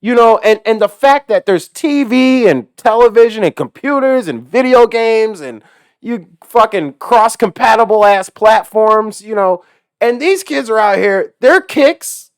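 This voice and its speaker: A delivery driver spins a yarn in a foul-mouthed, animated rant, his pitch leaping up and down as he gets worked up. The man's voice sits close and dry, with no room around it. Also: unhurried, clean tone, dry recording. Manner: swears constantly, animated, laughs at his own story. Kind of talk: profane storytelling rant.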